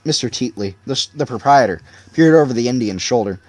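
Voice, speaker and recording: A man's voice: mid-range voice, expressive, fairly quick, dry recording. A man reading a novel aloud expressively as audiobook narrator. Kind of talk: scripted narration.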